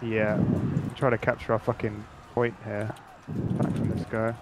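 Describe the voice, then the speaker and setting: A young man streaming a medieval battle game with friends, swearing and shouting at the action. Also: on the low side, flat delivery, measured pace. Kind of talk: casual gaming chat and live reactions. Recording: game noise clearly audible behind.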